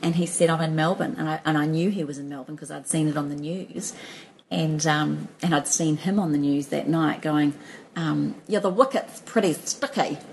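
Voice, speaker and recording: A woman's voice: low-pitched, flat delivery, normal speed, vocal fry, a little mellow, a little hiss or hum, rough recording. A middle-aged woman telling her own story as a podcast guest, chatty and laughing, with many restarts and fillers. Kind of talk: storytelling in a conversational interview.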